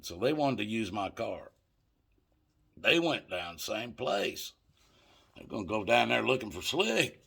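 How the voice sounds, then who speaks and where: Gravelly older man spinning a yarn. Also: on the low side, sing-song, unhurried, long pauses, bright, forceful tone. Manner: rambling, profane, addresses listeners as folks. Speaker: storyteller. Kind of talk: casual anecdote told to viewers.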